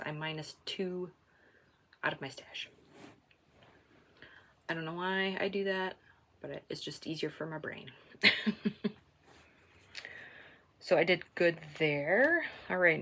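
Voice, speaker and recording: A woman hosting a knitting podcast, chatting casually and self-deprecatingly, often trailing off into soft asides. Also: lowish voice. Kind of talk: casual stash-tracking chat.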